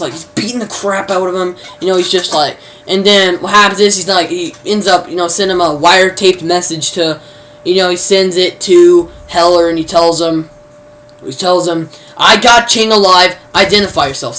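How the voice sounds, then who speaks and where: In a lowish voice at a moderate pace, a woman goes over a TV episode casually, full of fillers, false starts and light slang. The mic sits at a distance, with faint noise in the background.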